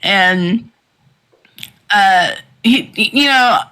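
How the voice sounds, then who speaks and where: A woman's voice: medium pitch, very slow, bright, forceful tone, clean tone, rough recording. A woman co-hosting a podcast, casually recapping a manga with lots of fillers and laughter. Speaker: podcast co-host.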